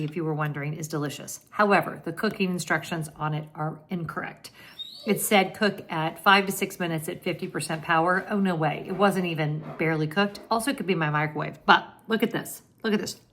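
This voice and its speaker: A middle-aged American woman chatting casually to camera from her home, expressive and animated. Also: on the low side, brisk, a little hiss or hum. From United States. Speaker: vlogger. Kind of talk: casual vlog chat to camera. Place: home, indoors.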